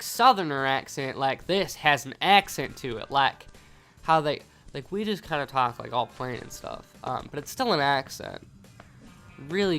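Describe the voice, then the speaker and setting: Young american guy rambling over a game, bright edgy voice, trips over his words a lot, music faint behind. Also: mid-range voice. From United States. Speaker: gaming YouTuber. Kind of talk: casual let's-play commentary.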